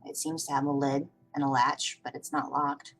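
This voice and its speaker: A woman narrating a tabletop role-playing session as game master, describing scenes with patient, measured phrasing. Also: extremely low pitch, little pitch movement, soft background music, low-quality recording.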